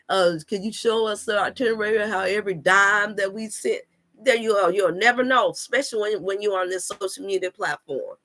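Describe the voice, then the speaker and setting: A woman's voice: mid-range voice, fairly bright tone. A woman hosting a live stream, preaching to her viewers in an emphatic, repetitive way, full of scripture and talk to "y'all". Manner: addresses viewers as y'all and you all. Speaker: wellness coach and channel host.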